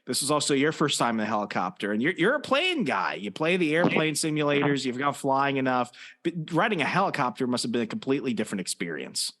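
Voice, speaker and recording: A man hosting a podcast in loose, casual conversation. His voice sits at an ordinary middle pitch, and he rambles through his stories with plenty of fillers and false starts. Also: very animated, quick pace, a bit bright. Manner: rambling storyteller, many fillers and restarts. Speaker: podcast host. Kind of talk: casual chat.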